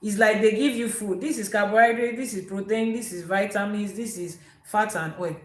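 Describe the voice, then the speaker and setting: A woman's voice: mid-range voice, moderate pace, few pauses, a little hiss or hum. A woman, teaching as an Ifa priestess, emphatic and quoting proverbs. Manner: emphatic, repeats key words, quotes proverbs. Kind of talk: spiritual teaching talk. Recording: echoey room.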